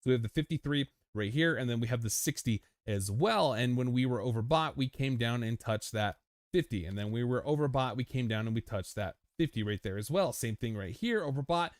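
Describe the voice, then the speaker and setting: A man's voice: medium pitch, animated, brisk, dry recording, clean studio sound. A young man hosting a crypto livestream, chatting casually with viewers and talking through charts with lots of fillers. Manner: chatty, reads out viewer names, frequent fillers.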